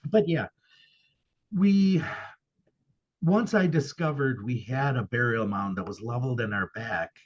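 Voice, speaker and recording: A man's voice: medium pitch, animated, a little slow, long pauses, highs cut off. A man who owns a paranormal venue, speaking as a guest in a casual interview and telling his experiences earnestly and emphatically.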